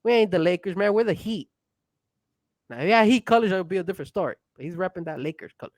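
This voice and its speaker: An excitable man co-hosting a casual podcast, pushing his point hard and getting loud when he gets worked up. His voice sits a bit high for a man. The sound is dry and close, with no room behind it. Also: fast talker, no room sound. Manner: excitable, pushy, raises voice when hyped. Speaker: co-host. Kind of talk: casual wrestling podcast chat.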